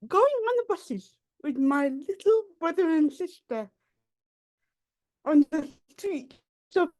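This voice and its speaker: Woman, poet, from the Black Country, high voice, unhurried measured delivery, video call audio. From Black Country, England. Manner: deliberate, measured reading. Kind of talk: poetry reading.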